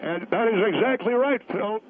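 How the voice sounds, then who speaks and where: A man's voice: high voice, normal speed, background noise, pitched above the performer's own voice, natural voice. A man voicing an elderly male caller, a retired plumber and war veteran, who speaks politely and hesitantly over a phone line. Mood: earnest.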